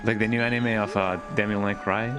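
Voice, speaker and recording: Game music runs under a man's fairly quick, level, low-leaning voice as he streams his play, rambling, joking, and ending remarks with "eh?".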